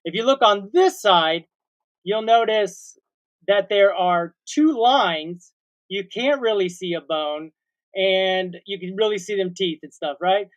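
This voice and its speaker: A man in his forties, co-hosting a laid-back comedy podcast, drifts through a long story with invented sound words. His voice sits high, and he speaks slowly.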